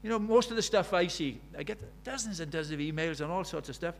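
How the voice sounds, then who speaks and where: A man's voice: a little high, animated, fast talker. A man preaching a sermon, emphatic and storytelling, firing rhetorical questions at the congregation.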